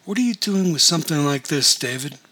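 A male narrator plays a stern police officer who speaks bluntly and to the point. His husky voice has a tense, sharp bite. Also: fairly high pitch, expressive, fairly quick, pitched above the performer's own voice, exaggerated voice.

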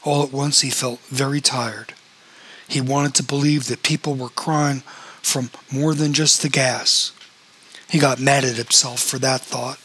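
A man narrating a novel as an audiobook, in a steady storytelling manner. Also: medium pitch, a little slow, husky, low-quality recording.

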